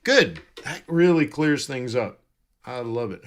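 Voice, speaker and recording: Man, live-stream host, casual chat, jokey, slow-paced, lively pitch. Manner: chatty, jokey, reads out chat and answers viewers.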